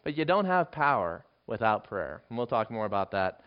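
A man preaching an expository sermon, working through a passage verse by verse and acting out the quoted lines with lively emphasis. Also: normal speed. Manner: animated, acts out quoted lines with rising pitch. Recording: dull lo-fi recording.

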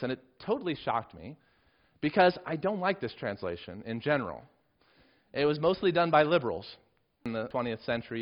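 A man preaching a sermon and teaching from scripture, with emphatic rises and drops in pitch and volume. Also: highs cut off. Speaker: pastor.

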